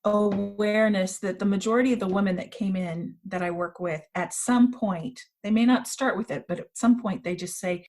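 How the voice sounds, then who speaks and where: A woman's voice: medium pitch, steady tone, normal speed, hardly any pauses, a little mellow. A middle-aged woman, an author and coach, talking earnestly in a casual interview and telling stories about her life. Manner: earnest, reflective, storytelling. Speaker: author and women's coach, guest. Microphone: remote call.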